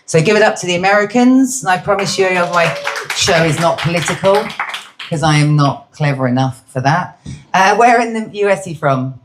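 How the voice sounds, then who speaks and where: A woman's voice: lowish voice, lively intonation, moderate pace, noisy background. A middle-aged British woman doing stand-up, chatting cheekily with the audience. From Britain. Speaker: stand-up comedian. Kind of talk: stand-up crowd work. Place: comedy venue with live audience.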